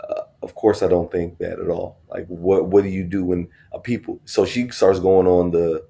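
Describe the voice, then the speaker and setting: A man with a low, gravelly voice chats casually on a podcast. His tone is dark and mellow, and he tells stories animatedly, jokes and teases his partner. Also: moderate pace. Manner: joking, teasing, animated storytelling with profanity. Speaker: podcast co-host. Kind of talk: casual chat.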